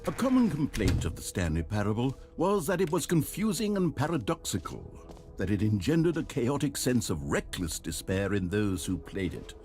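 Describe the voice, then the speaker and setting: A man's voice: medium pitch, very animated, normal speed, a little mellow, lightly acted. A man voicing a smug, sarcastic video game narrator with dry, mock-grand delivery.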